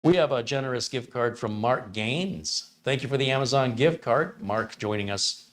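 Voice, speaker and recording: An American man hosting a live tech stream, running benchmarks and chatting casually with viewers in a relaxed way. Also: mid-range voice, moderate pace, slight background noise. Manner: relaxed, chatty, reads chat names aloud. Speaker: tech channel host. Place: home studio.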